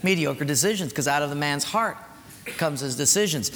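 A man's voice: a little high, animated, moderate pace, fairly bright tone. A man preaching a sermon, telling a personal story with emphatic turns. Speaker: pastor. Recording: echoey hall, faint noise.

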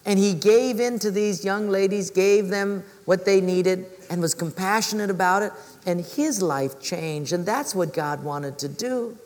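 A male preacher telling a story in a sermon, animated and acting out voices. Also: high-pitched, a little slow, few pauses. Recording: reverberant hall.

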